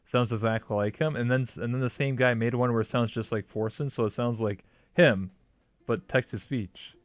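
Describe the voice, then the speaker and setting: Playful male host with a smooth voice. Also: mid-range voice, steady tone, moderate pace, no room sound, studio quality. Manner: playful, jokey. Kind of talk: casual chat.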